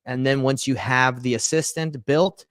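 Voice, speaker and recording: A man hosting a casual tutorial vlog on real estate, upbeat and chatty, talking fast and hyping up his viewers. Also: mid-range voice, fairly even intonation, fairly bright tone, no room sound.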